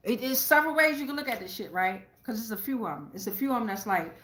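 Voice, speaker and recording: A woman giving a casual tarot reading to her viewers, talking excitably with lots of profanity, repeating phrases and checking in with "right?" again and again. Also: on the high side, quick pace, roomy sound. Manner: profane, keeps asking "right?". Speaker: tarot reader.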